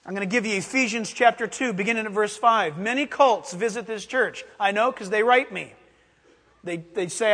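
A man preaching a sermon as pastor, animated, acting out voices and laughing as he teaches. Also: extremely high pitch. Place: church sanctuary. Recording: long reverb of a large hall.

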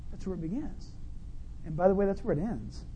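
A male pastor preaching a sermon in a conversational, humorous way, full of rhetorical questions and swinging between loud and quiet. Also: high-pitched, lively intonation, a little fast, slightly rough.

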